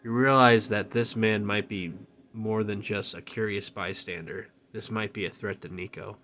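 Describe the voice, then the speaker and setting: A man hosting a gameplay video, reading a game story aloud in a quiet, low-key way with joking asides. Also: fairly even intonation, normal speed. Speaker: gameplay channel host.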